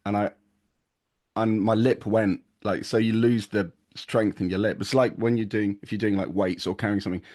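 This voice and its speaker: A man's voice: lowish voice, fairly even intonation, moderate pace, darkish tone. A man, chatting casually on a podcast in a rambling, stop-start way. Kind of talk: casual chat.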